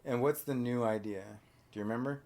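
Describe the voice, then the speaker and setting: A man's voice: medium pitch, fairly quick. Man animatedly recapping a movie. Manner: animated storyteller, prompting with questions; frequent tag questions. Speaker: podcast host quizzing a child on a movie plot. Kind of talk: casual movie recap chat. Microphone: on camera.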